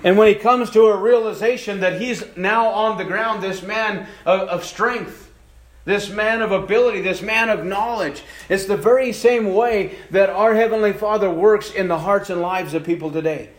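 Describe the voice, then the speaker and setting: A male pastor preaching a sermon in a church, swinging between hushed and raised passages and slowing down for emphasis. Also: high-pitched. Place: church sanctuary. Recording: echoey church room.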